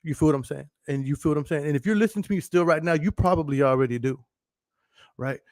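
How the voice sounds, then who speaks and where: A man's voice: a little high, fast talker, dry recording. A man in his thirties hosting a podcast, talking casually to a live stream, emphatic and profane and often laughing. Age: 30s. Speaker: podcast host. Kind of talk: casual livestream monologue.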